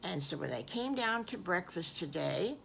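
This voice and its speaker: An older woman telling an improvised children's story in a folksy, animated way, with asides to her listeners. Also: on the low side, normal speed, creaky, a little hiss or hum. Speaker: storyteller grandmother.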